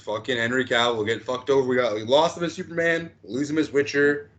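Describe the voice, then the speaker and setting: A man's voice: mid-range voice, steady tone, quick pace, fairly bright tone, lo-fi sound. A man co-hosting a casual chat, blunt and swearing. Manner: blunt, swears, says "bro" and "eh". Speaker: podcast co-host.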